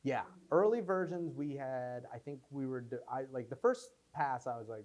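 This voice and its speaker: Answering the audience after a screening, a young filmmaker speaks at a moderate pace in a medium-pitched voice. The Q&A is casual, and his lively, rambling stories come with many fillers and restarts.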